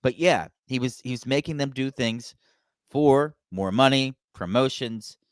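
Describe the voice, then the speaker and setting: A man's voice: mid-range voice, a little slow, no echo. A man hosting his own wrestling podcast, talking casually and animatedly, laughing often and leaning on "you know" and "right?". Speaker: podcast host, channel owner.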